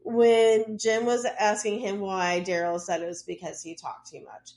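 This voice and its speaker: A woman podcast co-host telling a story in a relaxed, chatty way. She keeps her pitch in a middle range, drifts into wry asides and fills her sentences with "like" as she goes. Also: a little slow. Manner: chatty, loose retelling with lots of "like" and wry asides. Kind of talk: casual true-crime storytelling.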